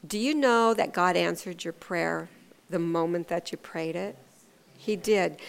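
Middle-aged woman preacher, earnest sermon storytelling, mid pitch, emphatic build-ups, loose fillers.

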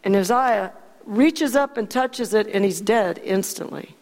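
A woman preacher retelling a story in animated sermon style, asking her listeners questions. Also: mid-range voice, unhurried. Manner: animated, acts out scenes, asks the audience questions. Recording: long reverb of a hall.

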